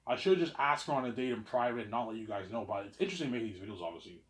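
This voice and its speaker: A young male vlogger rambles through a casual monologue, often repeating words and stammering as he restarts his sentences. His mid-range voice is expressive and rapid-fire, and the room is echoey.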